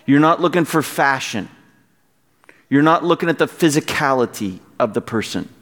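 Man, pastor, sermon, passionate, fairly high voice, long hall reverb. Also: animated, moderate pace. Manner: passionate, rising to near-yelling.

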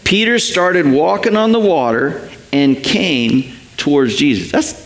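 A man preaching a sermon, animated, repeating words for emphasis and checking in with "right?". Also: on the high side, a little slow, roomy sound, low-quality recording. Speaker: pastor.

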